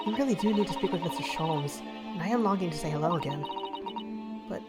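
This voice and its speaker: A woman's voice: lowish voice, expressive, brisk, loud music behind the voice, lightly acted. A woman voicing a polite, earnest young male lawyer in her own voice.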